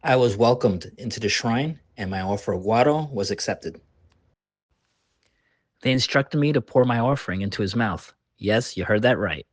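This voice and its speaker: A man vlogging his travels and narrating over the footage in a chatty, easygoing way. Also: lowish voice. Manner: chatty and easygoing, with small laughs.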